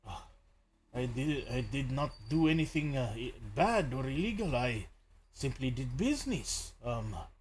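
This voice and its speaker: A man's voice: mid-range voice, expressive, measured pace, darkish tone, slight background noise, close to an everyday voice. A man voicing a grateful male restaurant owner with a hammy put-on Italian accent, pleading and welcoming. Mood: defensive.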